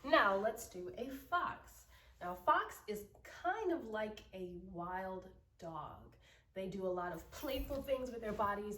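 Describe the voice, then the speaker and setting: A woman teaching children an acting lesson, explaining slowly and patiently and often asking "right?". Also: medium pitch, slight background noise. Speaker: drama teacher. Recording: roomy echo, from mic distance.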